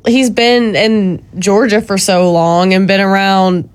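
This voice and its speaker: A woman's voice: medium pitch, steady tone, takes it slowly. Easygoing woman radio co-host. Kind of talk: casual radio chat.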